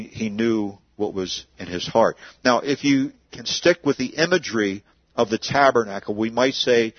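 Guy preaching a sermon, kinda husky voice, dry dull lo-fi sound, chatty q-and-a style. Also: mid-range voice, no room sound. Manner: conversational preaching, asks and answers his own questions. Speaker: pastor.

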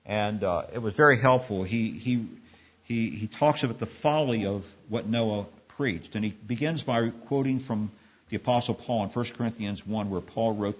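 A man preaching a sermon and telling a story in an earnest, measured way, on a dull recording. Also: lowish voice, slightly rough.

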